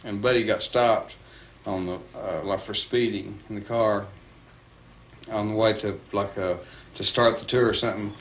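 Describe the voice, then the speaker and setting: A man's voice: fairly low pitch, steady tone, moderate pace. A man telling a rambling anecdote in an interview, with many fillers. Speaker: interviewee recalling a friend.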